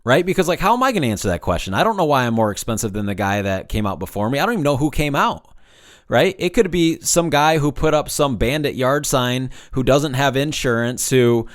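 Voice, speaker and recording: A man hosting a solo coaching podcast on sales, direct and energetic, often checking in with "okay?" and "right?". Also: medium pitch, fairly quick.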